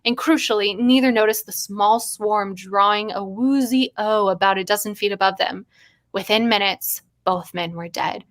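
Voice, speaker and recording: A woman's voice: mid-range voice, normal speed, no echo. Woman reading her story aloud, dry sound. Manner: animated, laughs often between passages. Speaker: writer and stream host.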